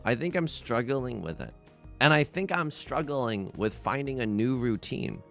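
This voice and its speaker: A young man streaming a game, chatting in a rambling, self-deprecating way with sudden loud outbursts. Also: mid-range voice, animated, a little slow, gravelly, faint music behind. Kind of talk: casual livestream chat while gaming.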